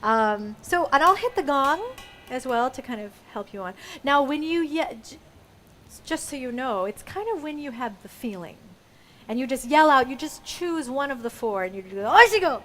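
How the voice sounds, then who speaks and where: High-voiced woman coaching a live audience. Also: lively intonation, moderate pace, fairly bright tone, a little hiss or hum. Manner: playful, chatty, laughs often. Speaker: solo musical performer. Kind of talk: explaining audience call-outs at a live show. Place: museum performance space with live audience.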